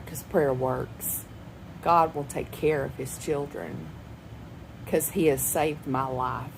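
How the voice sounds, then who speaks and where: A woman's voice: low-pitched, slight background noise, poor audio. A woman, rambling chattily and laughing often in a personal home vlog. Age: 40s. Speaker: vlogger. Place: at home indoors.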